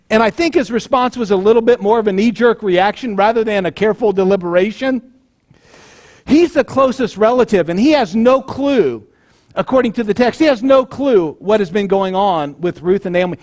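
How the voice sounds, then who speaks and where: A man's voice: high-pitched, animated, normal speed, darkish tone. A male pastor giving a sermon in a conversational way, acting out the people in the story.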